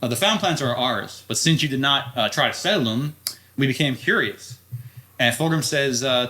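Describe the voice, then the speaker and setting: A man's voice: medium pitch, lively intonation, normal speed, sharp tone. A man co-hosting a podcast, recapping a story in loose, profane chat with frequent laughs. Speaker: podcast co-host.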